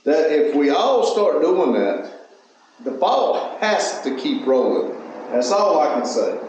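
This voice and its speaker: A man hosting a casual chat about a small garage channel, talking in a rambling way with halting restarts. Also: fairly high pitch, very animated, a little mellow. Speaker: channel host. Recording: very echoey, dull lo-fi room.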